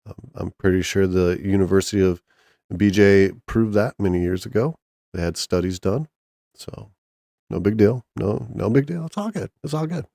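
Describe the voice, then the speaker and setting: A man's voice: low voice, moderate pace, creaky, mellow, no room sound, clean studio sound. A man casually chatting on a stream, rambling and joking crudely with lots of restarts. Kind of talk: casual profane chat with chat and co-host.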